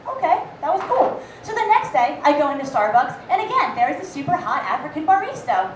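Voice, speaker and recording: A woman's voice: high-pitched, expressive, brisk. A young woman doing a brash, raunchy, self-mocking stand-up set on a comedy club stage. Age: young adult. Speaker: stand-up comic. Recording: echoey club, far from mic, faint noise.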